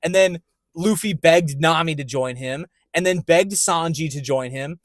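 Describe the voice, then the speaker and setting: Male podcast co-host, high bright voice, very expressive, dry close sound. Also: unhurried, no room sound. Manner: animated storytelling, acts out scenes. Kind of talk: casual chat.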